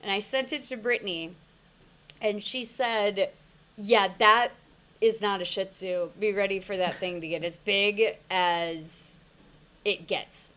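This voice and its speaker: A woman's voice: mid-range voice, unhurried. A woman co-hosting a podcast, telling stories in casual chat and laughing often. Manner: animated storyteller, laughs often. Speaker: podcast co-host.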